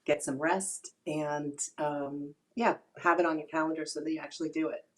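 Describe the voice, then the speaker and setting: Hoarse woman guest on a video call. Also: low-pitched, normal speed. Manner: relaxed, rambling, laughs easily. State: hoarse, losing her voice. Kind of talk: casual interview chat.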